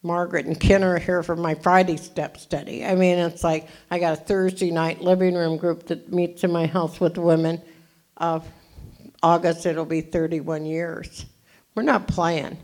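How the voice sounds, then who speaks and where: A woman in her seventies from California gives an animated, jokey, self-deprecating storytelling talk as a recovery meeting speaker. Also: fairly low pitch, a little slow. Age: 70s.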